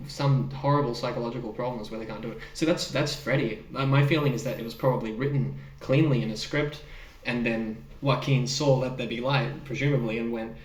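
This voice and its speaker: A man co-hosting a podcast in a casual film discussion, talking in an animated way with laughs and the odd swear word. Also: mid-range voice, fairly quick, distant mic. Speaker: podcast co-host. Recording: roomy sound, speaker off the mic.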